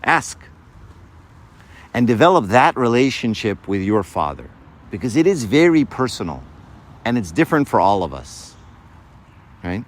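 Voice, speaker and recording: A man's voice: fairly low pitch, big pitch swings, moderate pace, pauses often. A man in his fifties giving a conversational faith talk to young people, often checking in with "right?" and acting out little scenes. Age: 50s. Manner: informal, keeps checking in with "right?"; acts out little scenes with changed voices.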